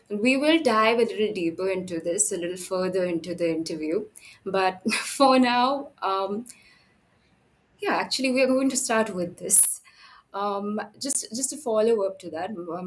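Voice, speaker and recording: A woman's voice: medium pitch, normal speed, low-quality recording. A young woman interviewing a guest, polite and a little hesitant with fillers. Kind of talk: interview questions.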